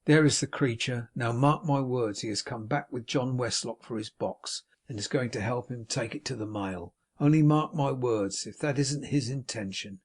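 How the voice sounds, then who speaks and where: A man's voice: mid-range voice, moderate pace, hardly any pauses, husky, natural voice. A man voicing a scornful young woman in an audiobook reading, speaking insistently.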